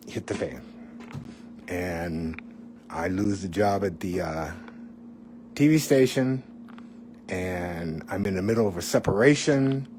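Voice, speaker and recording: A man's voice: sits low, a little mellow, slight background noise. A middle-aged man, a former TV weatherman, tells his own life story in a candid, conversational way, with asides to the listener. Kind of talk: personal storytelling.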